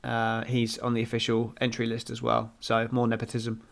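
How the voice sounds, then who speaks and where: A man's voice: medium pitch, monotone, moderate pace, creaky. A man co-hosting a casual motorsport podcast, rambling through results with plenty of ums and restarts. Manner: rambling, runs through standings with many fillers. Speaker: podcast co-host.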